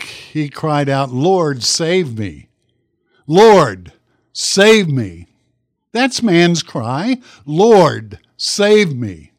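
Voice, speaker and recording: A pastor preaching a sermon, telling a Bible story dramatically and putting questions to the congregation. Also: male voice, on the high side, no room sound, clean studio sound.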